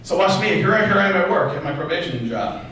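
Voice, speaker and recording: Animated male speaker in echoey hall. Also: sits high, fast, far from the mic, slight background noise. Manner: animated, acts out quoted voices, fires rhetorical questions. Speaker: therapist and public speaker. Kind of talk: motivational talk to an audience.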